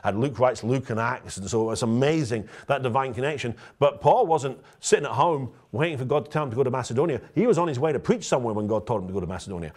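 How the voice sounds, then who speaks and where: Fast-talking man preaching a conversational sermon. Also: mid-range voice. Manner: storytelling, lively and direct, addresses the congregation. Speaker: pastor.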